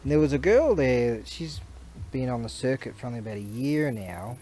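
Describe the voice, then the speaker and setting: A man's voice: mid-range voice, expressive, moderate pace, warm tone, a little hiss or hum. A man, chatting casually in a rambling, storytelling way for his vlog, recorded outdoors on a camera mic. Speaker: vlogger.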